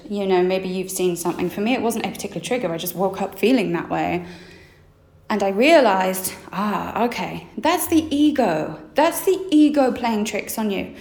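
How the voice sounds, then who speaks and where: A woman hosting a solo mindset podcast, acting out her inner thoughts with lively shifts of voice. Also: medium pitch, moderate pace. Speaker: podcast host. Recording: roomy echo.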